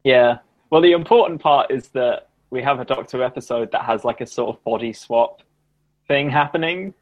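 A man co-hosting a casual chat, animated, laughing often and jumping up in pitch when excited. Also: moderate pace, muffled recording. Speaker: podcast co-host.

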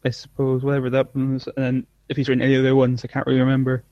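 A man's voice: mid-range voice, completely flat delivery, racing, no room sound, dull audio. A man co-hosting a casual chat, rambling and often trailing off mid-thought. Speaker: podcast co-host. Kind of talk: casual chat reviewing an episode.

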